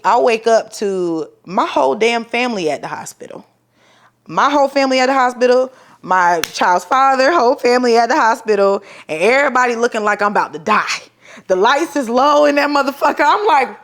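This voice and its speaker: A young woman, telling a personal story to the camera in a profane, animated way and acting out the people in it. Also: fairly high pitch. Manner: profane, animated, dramatic re-enactments. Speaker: vlogger. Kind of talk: storytelling vlog.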